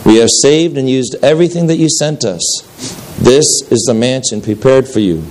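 A man voicing a solemn heavenly gatekeeper who speaks in a low, distinct, calm and measured way. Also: slight background noise, lightly acted, low-quality recording. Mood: stern. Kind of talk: dramatic reading of a story.

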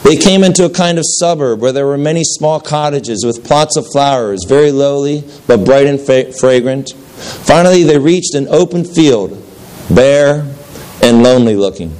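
A man reading a story aloud as a preacher, steady and unhurried, with occasional slips and restarts. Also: medium pitch, low-quality recording. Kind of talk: storytelling narration.

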